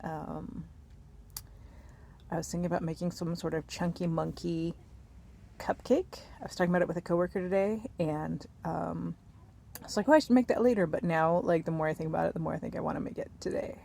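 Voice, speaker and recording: Woman in her thirties, low voice with vocal fry, rambling casual chat, faint hiss behind. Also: little pitch movement, fairly quick. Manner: rambling and soft, with many fillers, drops to a whisper at times. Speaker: vlogger. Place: bedroom, lying in bed.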